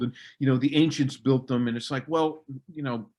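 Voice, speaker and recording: A middle-aged man, a military historian, talking in a casual podcast conversation with animated delivery and mocking asides. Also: medium pitch, fairly quick, few pauses. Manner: animated, mocking impressions of others.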